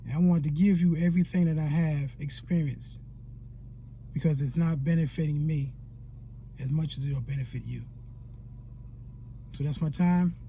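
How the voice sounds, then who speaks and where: A man's voice: a little high, moderate pace, long pauses, dark tone, slight background noise. A man in a casual vlog telling a painful personal story, tearful, colloquial and repeating himself. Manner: colloquial, repetitive, heartfelt. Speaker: YouTube creator.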